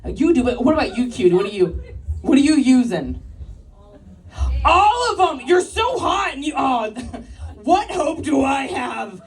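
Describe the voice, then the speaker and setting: A woman's voice: high-pitched, sing-song, measured pace, recorded from a distance. A woman in her thirties doing a stand-up comedy set, working the crowd with brash, crude banter and frequent laughter. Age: 30s. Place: live club stage with audience.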